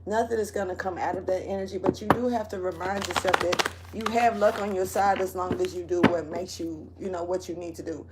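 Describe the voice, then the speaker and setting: A woman's voice: lowish voice, steady tone, brisk, very noisy. A woman giving a casual monthly astrology reading as a tarot reader, laid-back and rambling, laughing often.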